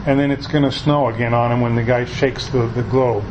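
A man giving a conversational sermon, talking in a folksy, halting way with frequent restarts. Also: medium pitch, steady tone, darkish tone, highs cut off, a little hiss or hum. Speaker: preacher.

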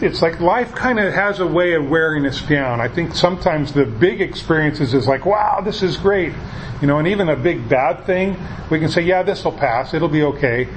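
Man preaching in a folksy halting way. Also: on the high side, slight background noise, low-quality recording. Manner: folksy, halting, with many restarts. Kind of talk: conversational sermon.

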